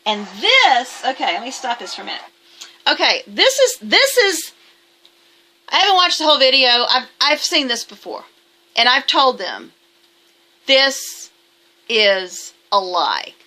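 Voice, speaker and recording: A woman's voice: sits high, big pitch swings, measured pace, long pauses, sharp tone. A woman talking casually to camera in a vlog, emphatic and defensive, rambling with restarts. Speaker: vlogger.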